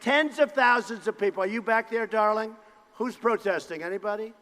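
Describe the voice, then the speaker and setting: A man giving a campaign rally speech, boastful and repetitive, with punchy phrases and bursts of shouting. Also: sits high, normal speed, noisy background. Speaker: political candidate at a campaign rally. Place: large indoor rally venue. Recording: long reverb of a large hall.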